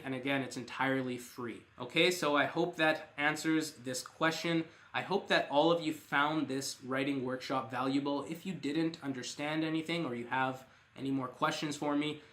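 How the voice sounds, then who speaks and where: Man teaching English slowly and clearly. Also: medium pitch, fairly bright tone. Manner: slow, clear teaching voice, stretching example sentences. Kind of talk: online English lesson.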